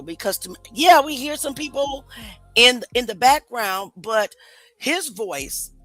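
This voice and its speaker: Woman host, bright voice, skeptical, talks to her viewers, light music behind. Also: fairly high pitch, no echo, low-quality recording. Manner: skeptical, rhetorical questions to viewers. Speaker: commentary show host. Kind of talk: casual commentary.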